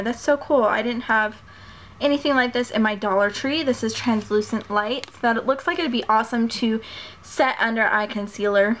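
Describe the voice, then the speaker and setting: A woman's voice: a little high, a bit bright. A woman vlogger chatting casually and gushing as she unboxes a package of makeup, a little out of breath. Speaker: beauty vlogger. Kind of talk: casual haul unboxing chat.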